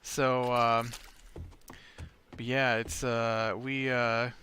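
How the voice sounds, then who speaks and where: Male let's-play host, unhurried, fillers everywhere, noticeable noise under the voice. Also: medium pitch, flat delivery, sharp tone. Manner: rambling, many filler words. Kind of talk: casual gameplay commentary. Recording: clear background noise.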